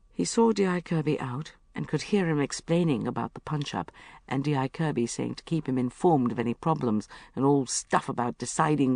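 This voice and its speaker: Expressive woman narrating an audiobook. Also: sits low, vocal fry, no echo, clean studio sound. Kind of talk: first-person audiobook narration.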